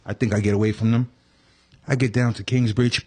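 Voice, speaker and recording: A man's voice: mid-range voice, a little fast, slightly rough. A man hosting a casual podcast, telling stories with acted-out voices and sound effects. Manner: animated storyteller, acts out voices and horn sounds. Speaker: podcast host.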